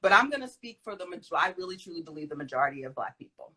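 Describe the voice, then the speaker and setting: A woman's voice: on the low side, very animated, very fast, pushed and bright, slightly rough, rough recording. A woman speaking as a guest in a conversation, teaching emphatically and animatedly with frequent laughter.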